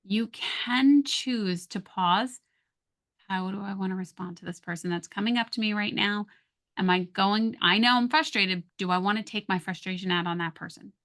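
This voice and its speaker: Calm woman coaching parents on tone. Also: medium pitch, moderate pace. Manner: calm, coaching, acts out soft and sharp tones. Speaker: guest, parenting communication coach. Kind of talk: conversational advice on a podcast.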